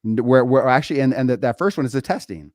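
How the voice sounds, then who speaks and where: A man's voice: medium pitch, fast, no room sound, clean studio sound. A man in his forties co-hosting a motivational podcast, talking casually and emphatically and repeating words as he goes. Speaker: podcast co-host. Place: home studio. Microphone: remote streaming setup.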